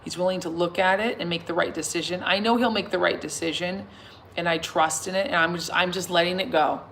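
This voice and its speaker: A woman in her thirties chatting casually to her followers, emphatic and self-assured, swinging from soft to loud. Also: lowish voice, steady tone, a little fast, slight background noise. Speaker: singer and vlogger addressing her followers. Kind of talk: casual livestream chat reading comments.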